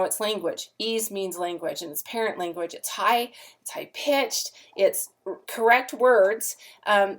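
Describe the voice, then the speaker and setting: A woman in her forties, a teacher giving a recorded lecture in a friendly, chatty way with many "um" fillers. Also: medium pitch. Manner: friendly, chatty, lots of "um" fillers, demonstrates sing-song parent talk.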